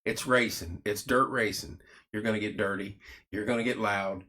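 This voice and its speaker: A man's voice: on the low side, steady tone, normal speed, sharp tone. A man hosting a casual chat show, telling stories and reading out viewer comments as he talks. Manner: chatty storyteller, reads viewer comments aloud. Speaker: host. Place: studio.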